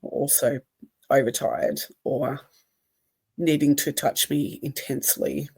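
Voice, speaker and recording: A middle-aged woman co-hosting a casual podcast, speaking in a low, unhurried voice. She talks in a reflective, measured way and laughs softly now and then. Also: steady tone, gravelly, breathy edge. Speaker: podcast co-host.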